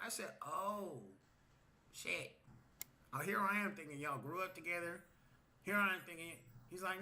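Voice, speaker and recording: A man tells a long story to his livestream audience in a loose, casual way. His voice sits high and sounds very bright and sharp. He swears freely, plays out what each person said, and keeps checking in with "okay?". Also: brisk. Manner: tags lines with "okay?", swears, acts out quotes.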